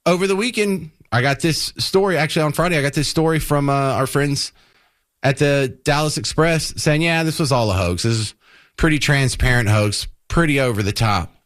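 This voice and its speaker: Man hosting talk radio, fairly high voice, sarcastic and exasperated, ranting opinion monologue. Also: moderate pace, a bit bright. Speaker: radio talk show host.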